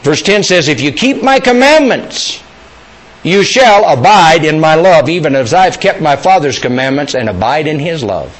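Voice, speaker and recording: A man's voice: on the high side, moderate pace, rough recording. An older man preaching a sermon, asking the congregation questions and calling for amens. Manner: animated, asks the congregation questions and calls for amens.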